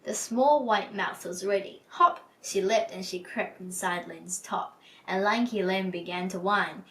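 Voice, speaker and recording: A woman hosting a book club episode, reading a children's picture book aloud in a gentle storytelling manner. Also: mid-range voice, a little slow, recorded from a distance, low-quality recording. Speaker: storybook reader.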